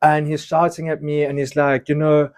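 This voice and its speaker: A young man with a South African accent talks in a casual chat as a guest. He tells his stories with animation and slips into other people's voices along the way. His voice sits a little higher than most men's. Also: level tone, normal speed, a little mellow.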